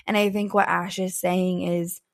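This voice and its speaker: A woman's voice: on the low side, level tone, measured pace, gravelly, no room sound, studio quality. A young woman co-hosting a podcast, telling personal stories in a candid, chatty way. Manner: candid, chatty, frequent "like" fillers. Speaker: podcast co-host. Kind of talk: casual personal storytelling.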